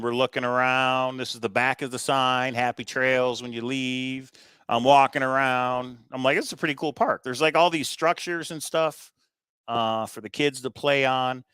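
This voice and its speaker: A man hosts a treasure hunt video in a relaxed, rambling way, thinking aloud and filling pauses as he explains his reasoning. His voice sits in a middle pitch. The recording is dry, with no room sound. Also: smooth, no echo. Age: adult with kids. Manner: chatty, thinking aloud, frequent fillers. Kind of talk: casual walkthrough commentary.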